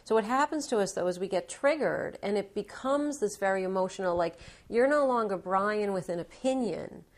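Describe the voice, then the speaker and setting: A woman's voice: mid-range voice, animated, normal speed, few pauses. A woman being interviewed as an author in a TV studio, explaining her ideas fluently and acting out little examples. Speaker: author and guest. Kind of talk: interview conversation. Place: local TV studio.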